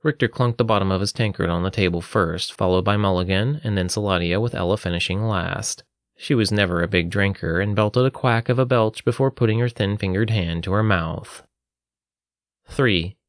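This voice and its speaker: A man with a low voice narrates a fantasy tale at a steady, even pace. The recording is close and dry, with no room sound around him. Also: moderate pace, dry recording. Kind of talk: storybook narration.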